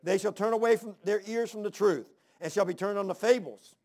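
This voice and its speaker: A man's voice: high voice, brisk, darkish tone. A man preaching a folksy, storytelling sermon, repeating his phrases. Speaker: pastor.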